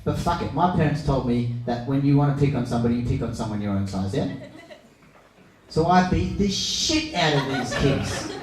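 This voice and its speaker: A man's voice: medium pitch, animated, moderate pace, distant mic. A young man hosting a comedy night as MC, brash and teasing the crowd, swearing freely. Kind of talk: stand-up crowd work. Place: pub function room on stage. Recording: echoey room, mic from afar, crowd.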